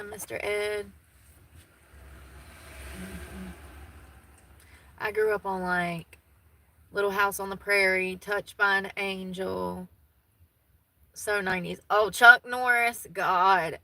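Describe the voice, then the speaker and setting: This woman, in her thirties and from the Southern United States, speaks slowly with long pauses while chatting folksily with viewers and laughing easily. Her mid-range voice is fairly even in intonation, pushed and bright. Poor audio, no room sound.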